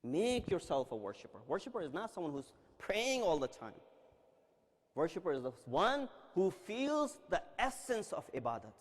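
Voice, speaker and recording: A man preaching with a high, animated voice that climbs and falls as he acts out every exchange. The sound carries a long reverb from a large hall. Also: moderate pace. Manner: dramatic storytelling, acting out quoted dialogue. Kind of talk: religious lecture. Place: large Islamic center hall.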